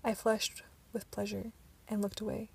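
A woman's voice: mid-range voice, little pitch movement, moderate pace, vocal fry, breathy edge. A woman narrating an amateur audiobook reading, stumbling at times with restarts.

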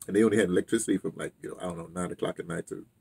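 Deep, gravelly man telling a story. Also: steady tone, racing, warm tone. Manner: loose, digressive, heavy on fillers and restarts. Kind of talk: casual rambling storytelling.

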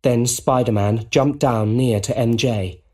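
A man reading a simple storybook in slow, deliberate narration for English learners. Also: mid-range voice, fairly even intonation, a little mellow. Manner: plain and deliberate.

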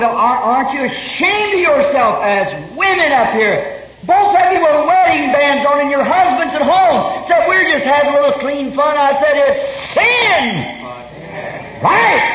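High-voiced man preaching on old tape. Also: a little hiss or hum. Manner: earnest storytelling, bursts of shouting. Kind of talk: fervent sermon. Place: church meeting hall. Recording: roomy lo-fi 1961 sermon tape.

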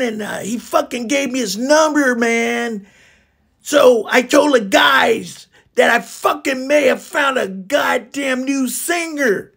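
Guy doing a slow talking burnout rocker dude, swears constantly, says man after everything. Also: very high voice, vocal fry, fairly bright tone, breathy edge. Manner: rambling, swears constantly, ends phrases with "man". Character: burnout male rock band leader, dim and profane. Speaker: comedic character monologue. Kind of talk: comedic storytelling monologue.

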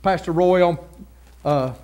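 A middle-aged male pastor preaching a sermon, folksy and down to earth, building into loud, fervent passages. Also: high-pitched, unhurried, clean tone.

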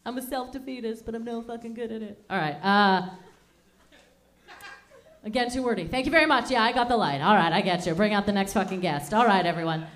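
A woman's voice: mid-range voice, brisk. A woman hosting a stand-up comedy show on a club stage, talking in a chatty, profane, self-deprecating way.

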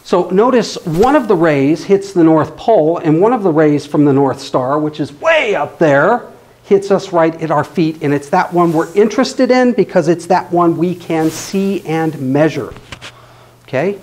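Playful man lecturing, slightly high voice. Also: lively intonation, measured pace, a little mellow. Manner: playful, often checks in with the audience. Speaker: astronomy club speaker. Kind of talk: live classroom-style lecture.

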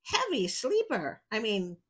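A woman's voice: on the high side, huge pitch swings, a little slow, husky, low-quality recording. A woman hosting a storybook reading, breaking off for wry, chatty asides. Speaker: storyteller host.

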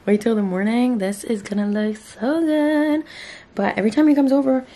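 A woman in her twenties talking casually to her phone camera in a vlog, chatty and excitable, swearing freely. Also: fairly high pitch, normal speed. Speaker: vlogger.

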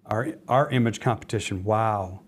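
Give me an excitable man hosting a live online chat, rambling and restarting his thoughts. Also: on the low side, moderate pace, husky. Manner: excitable, rambling, self-interrupting. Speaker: host. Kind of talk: casual livestream chat.

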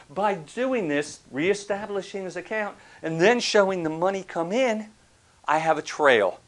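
A male professor lecturing in a relaxed, conversational way, his voice sitting a bit higher than most men's. He checks in with the class often and drifts into stories to make a point. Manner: conversational, asks the class questions; tells anecdotes to make a point. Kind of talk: recorded accounting lecture.

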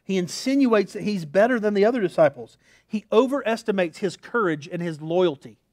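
Man, middle-aged pastor, high voice, dry close sound, storytelling sermon, self-deprecating humor. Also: lively intonation, a little fast, a little mellow, dry recording.

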